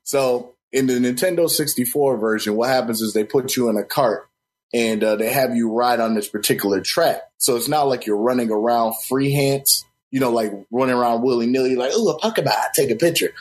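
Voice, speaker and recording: A man's voice: mid-range voice, fairly even intonation, fairly quick, rough recording. A man in casual podcast chat, explaining a video game at length with lots of fillers. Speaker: podcast co-host.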